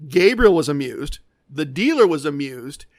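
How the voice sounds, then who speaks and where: Male podcast host, casual storyteller, animated, self-deprecating, high voice, dry close sound. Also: normal speed, no room sound.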